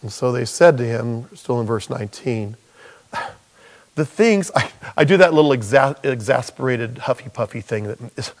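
A man preaching a sermon, animated and jokey, acting out bits of dialogue as he goes. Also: mid-range voice, normal speed. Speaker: pastor.

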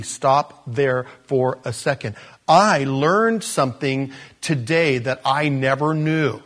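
Husky-voiced man teaching the Bible casually. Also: mid-range voice, slow pace, fairly bright tone. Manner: chatty and storytelling, with frequent restarts and sarcastic asides. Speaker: pastor.

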